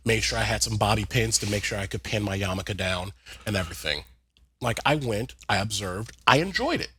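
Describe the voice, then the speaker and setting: Bright-voiced sassy man. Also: fairly low pitch, slight background noise. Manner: sassy, expressive, quick asides. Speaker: podcast co-host. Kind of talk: casual podcast chat.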